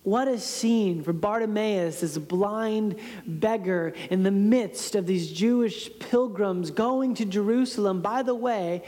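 A woman preacher telling a scripture story in a sermon, with dramatic shifts between loud and hushed delivery. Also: mid-range voice, slow. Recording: long reverb in a large hall.

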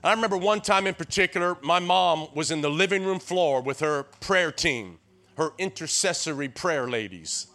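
With a fairly high voice and a moderate pace, a Tennessee man in his sixties delivers a guest sermon. He tells down-home stories, restarting often, and drives the crowd with spirited call-and-response.

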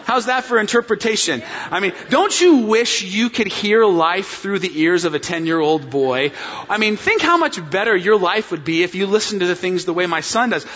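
A man's voice: high voice, lively intonation, moderate pace, a bit bright. A man preaching a sermon as pastor, earnest and storytelling, calling his congregation friends. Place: church sanctuary. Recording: dull sound in a reverberant church hall.

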